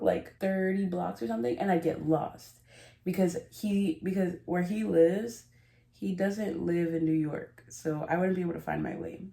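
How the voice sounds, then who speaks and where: A woman's voice: fairly low pitch, moderate pace, vocal fry, mellow. A woman vlogger telling a rambling, giggly story in casual confessional chat, often cutting herself off. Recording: roomy echo.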